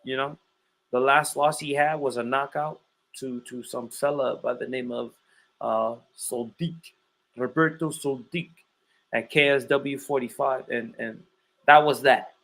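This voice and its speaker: A man with a bright, forward voice breaking down upcoming fights on a casual podcast. He talks emphatically and keeps repeating his points for weight. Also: medium pitch, steady tone, unhurried, poor audio. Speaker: podcast host and fight analyst.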